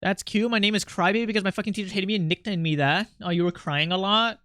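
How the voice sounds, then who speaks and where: Bright, high-voiced young man chatting. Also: no room sound, studio quality. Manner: rambling, animated, quick to laugh, chatting with viewers. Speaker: streamer. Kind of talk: casual livestream chat while drawing.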